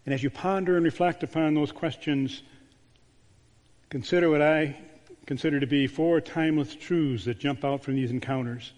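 A man, a pastor, delivering a sermon with a storytelling manner, dropping to a hushed voice on key words. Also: fairly high pitch, fairly even intonation, moderate pace. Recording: long church reverb.

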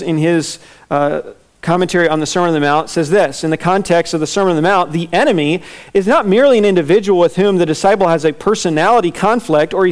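Earnest preacher man with a high voice. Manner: earnest teaching, repeats key questions for emphasis. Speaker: pastor. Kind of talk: expository sermon.

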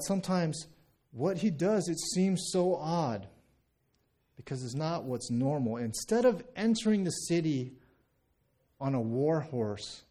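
A man's voice: on the high side, dark tone. A man in his thirties, a pastor from the United States, preaching a sermon in a conversational way, often repeating words and checking in with "right?".

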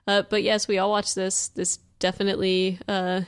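Chatty woman podcaster, smooth voice. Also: medium pitch, flat delivery, moderate pace, no echo, studio quality. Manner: chatty, many fillers and laughs. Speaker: podcast co-host. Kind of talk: casual chat.

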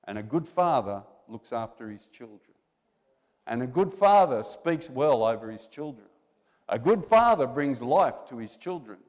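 A man's voice: medium pitch, big pitch swings, normal speed, a little mellow. A male preacher delivering a sermon in a church. He talks conversationally, exhorts his listeners and asks them rhetorical questions. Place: church hall. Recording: long reverb in a church hall.

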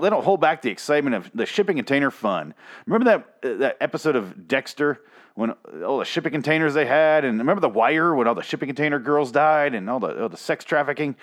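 A man's voice: medium pitch, expressive, fairly quick. A man reviewing a TV episode in a sarcastic, profane, rambling rant. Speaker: TV show reviewer.

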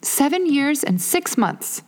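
A polite, curious little girl speaks gently and carefully in a bright, raised voice, as a woman reader puts her on. She is well-mannered and earnest, asking her questions softly. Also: high-pitched, sing-song, slow, voice pushed up, heavily acted.

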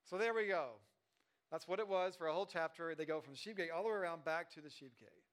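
A male pastor delivers a conversational sermon. His voice sits high for a man, and he talks loosely, restarting sentences and dropping in wry asides to the congregation. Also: fast talker, clear, resonant tone. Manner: conversational, joking asides, many fillers and restarts.

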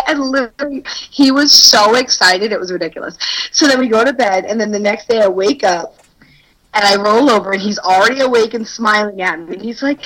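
A woman's voice: medium pitch, fairly quick, a bit bright, poor audio. A young woman telling stories in casual chat, crude and self-mocking, laughing often as she talks.

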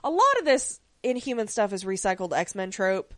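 A woman's voice: medium pitch, big pitch swings, moderate pace, a bit bright, no room sound. Chatty woman recapping a show. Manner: chatty, many ums and likes, acts out lines in quotes. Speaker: podcast co-host recapping a TV episode. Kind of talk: casual recap chat.

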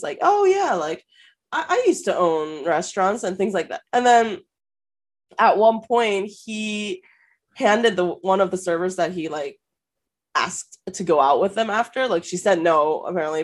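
A woman's voice: fairly low pitch, moderate pace. A woman co-hosting a casual podcast, telling a story animatedly with lots of fillers and laughter and acting out what people said. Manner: animated, frequent fillers and laughs, acts out quotes. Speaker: podcast co-host.

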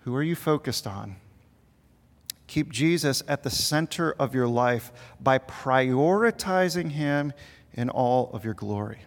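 A man's voice: mid-range voice, expressive, unhurried. Man preaching a sermon in a hall. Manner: earnest preaching, rising emphasis then dropping quiet. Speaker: pastor. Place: large church sanctuary. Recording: long reverb of a large hall.

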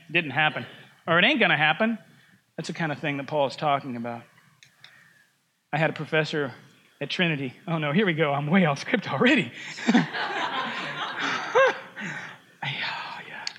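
A man preaching a sermon in a relaxed, conversational way, joking and laughing at himself as he goes. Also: on the high side. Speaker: pastor.

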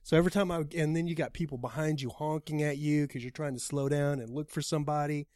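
Profane, animated male storyteller. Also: on the high side, fast talker, no room sound, clean studio sound. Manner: animated, profane, shouts when acting out quotes. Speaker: podcast guest. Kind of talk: casual storytelling.

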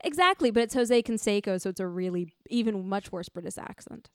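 A woman's voice: mid-range voice, animated, fairly quick, smooth, no room sound. A young adult woman hosting a podcast, chatting casually, laughing often and restarting her sentences. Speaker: podcast host. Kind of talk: casual chat.

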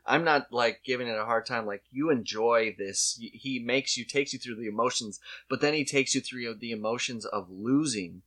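A man in casual comedic chat, telling an animated story and slipping into put-on voices. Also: mid-range voice, moderate pace, hardly any pauses.

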